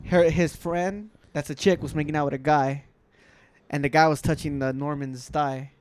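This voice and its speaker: A man's voice: fairly high pitch, steady tone, normal speed, a little hiss or hum. A young man in casual chat, telling rambling stories and acting out what people said. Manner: rambling storyteller who acts out quotes.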